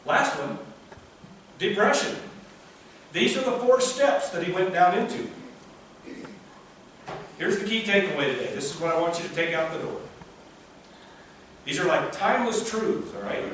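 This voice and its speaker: Male pastor, high-pitched, animated sermon delivery, distant mic in a very echoey hall. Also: moderate pace, pauses often, slight background noise. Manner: animated, acts out biblical voices with rising pitch. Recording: echoey distant room recording.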